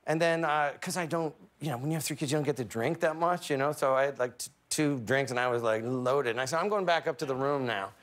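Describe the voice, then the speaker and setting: A man from Canada, a talk show guest telling a comic story with fumbling restarts and quick self-deprecating asides. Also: mid-range voice, fairly even intonation, fairly bright tone. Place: TV studio.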